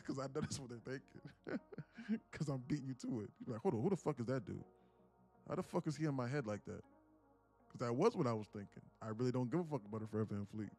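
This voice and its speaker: A man's voice: mid-range voice, dark tone. A young man hosting a day-trading livestream, who chats casually, swears freely, rambles and often laughs. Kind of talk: casual live-stream chat.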